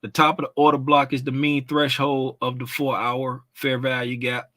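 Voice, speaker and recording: A man's voice: medium pitch, monotone, moderate pace, sharp tone, no room sound. A man casually walking through market charts, thinking aloud with frequent ums and self-corrections. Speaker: trading analyst.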